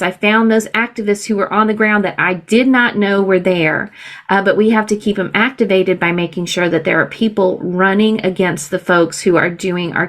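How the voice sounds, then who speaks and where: A woman's voice: mid-range voice, a bit bright. A woman from the Southern United States, a political candidate speaking as a podcast guest in earnest, emphatic casual conversation. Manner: earnest and emphatic, with laughs and restarts.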